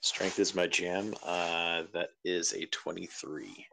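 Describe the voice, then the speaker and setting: Very deep-voiced player at a game table. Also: steady tone, takes it slowly, creaky, a bit bright. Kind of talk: casual tabletop game chat.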